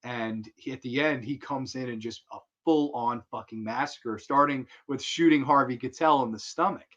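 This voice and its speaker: A man hosting a casual live show, talking in a rambling, profane, excitable way. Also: medium pitch, normal speed, muffled recording. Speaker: host.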